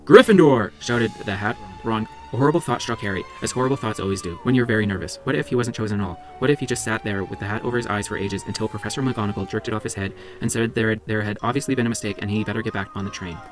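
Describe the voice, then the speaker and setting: Low-voiced man reading a story aloud briskly. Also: faint music behind. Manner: brisk, with small slips and restarts. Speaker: library book club reader.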